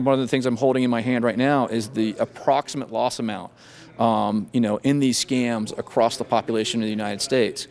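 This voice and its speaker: A middle-aged man, an FBI agent, answering interview questions about scams in a measured, thoughtful way with frequent restarts. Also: medium pitch, a little mellow.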